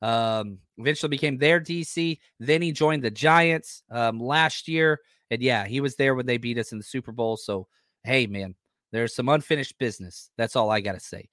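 A man hosting a casual sports fan podcast, talking excitedly, swearing casually and reading out listeners' questions. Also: mid-range voice, moderate pace, no echo, clean studio sound. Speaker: podcast host.

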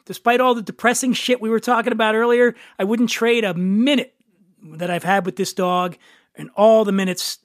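A man's voice: high voice, steady tone, moderate pace, no echo. A male podcast host who talks casually and jokes around. His voice is close and dry, with no room sound. He sits at a studio microphone. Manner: chatty, self-deprecating, gets choked up. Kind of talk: casual interview chat and read ad.

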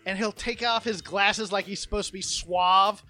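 A man co-hosting a podcast in casual chat, rambling and animated, slipping into mocking impressions. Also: high voice, normal speed. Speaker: podcast co-host.

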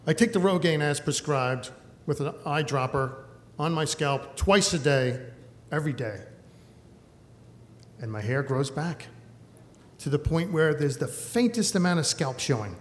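A man in his thirties telling a comic personal story live on stage, wry and animated. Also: a little high, a little slow, long pauses. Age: 30s. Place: stage in a hall. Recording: echoey hall, faint noise.

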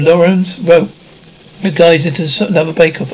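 A man reading a television episode script aloud, stage directions and sound cues included, all in one even voice. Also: a little high, normal speed, slight background noise, rough recording. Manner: reads every part and cue in one even voice. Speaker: script reader.

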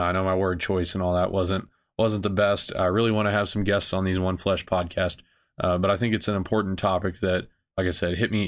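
A man with a deep, low voice talks through a solo podcast episode. He rambles casually and earnestly, full of "uh"s and restarted phrases, as if thinking aloud. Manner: rambling, many fillers and restarts; casual, earnest self-talk. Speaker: podcast host.

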